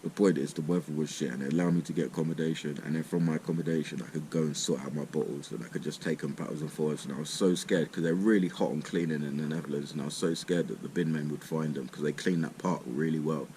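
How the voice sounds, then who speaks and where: A man's voice: very deep voice, steady tone, fast talker, hardly any pauses, mellow, slight background noise. A young man telling a rambling, casual story full of swearing and "mate". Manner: rambling, swears a lot, says "mate" and "literally" often.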